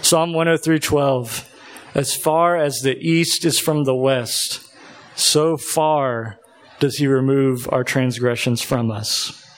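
Male preacher, mid-pitched, earnest and emotional sermon delivery. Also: fairly even intonation. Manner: earnest, emotional, pauses to collect himself.

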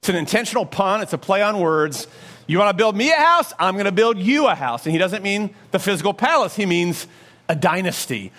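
In a high-pitched voice and at a slightly quick clip, a man preaches with animation. He's a pastor giving a sermon, keeping it conversational and leaning on rhetorical questions.

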